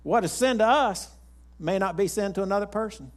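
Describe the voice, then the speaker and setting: A man with a slightly raised pitch delivers a sermon. He tells stories in a folksy, rambling way, often restarting his sentences. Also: fairly quick. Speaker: pastor. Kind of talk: sermon with storytelling.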